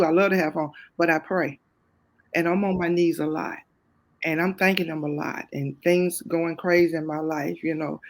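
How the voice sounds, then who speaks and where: A middle-aged woman, a guest on a talk show, telling a personal story in a lively, expressive way with casual Southern phrasing. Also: sits low. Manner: lively, expressive, quick to laugh at herself.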